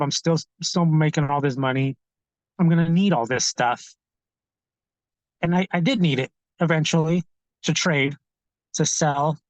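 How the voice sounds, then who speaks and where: A middle-aged man, a podcast guest, tells his personal story candidly in a halting way, with frequent restarts and fillers. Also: medium pitch, no echo, poor audio.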